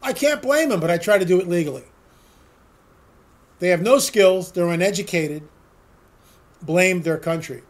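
A man's voice: high voice, normal speed, pauses often. A man giving a combative, sarcastic political monologue as a talk radio host, full of rhetorical questions.

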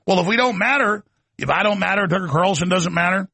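Gravelly, emphatic male talk host. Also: high voice, fast talker, sharp tone, no echo. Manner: emphatic, ranting, sardonic asides. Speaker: political talk show host. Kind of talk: talk show monologue.

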